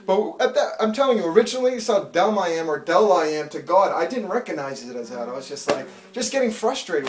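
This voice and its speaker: A man in his thirties giving a fervent testimony in church, building from storytelling to loud, pleading prayer. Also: high-pitched, animated, fast talker, hardly any pauses, roomy sound, distant mic. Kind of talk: preached testimony.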